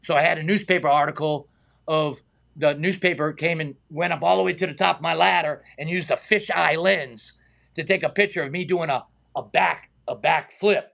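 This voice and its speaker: A middle-aged man, a stunt man telling animated anecdotes in a casual interview, acting out the voices of the people in them and laughing often. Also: fairly high pitch, normal speed, creaky. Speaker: stunt man and high diver, guest.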